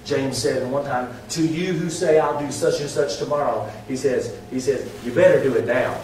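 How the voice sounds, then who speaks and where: A male pastor preaching a sermon, swinging from loud, impassioned calls to hushed prayer. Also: medium pitch, moderate pace, slight background noise. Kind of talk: sermon with altar call and prayer. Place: large church sanctuary. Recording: very echoey hall, mic distant.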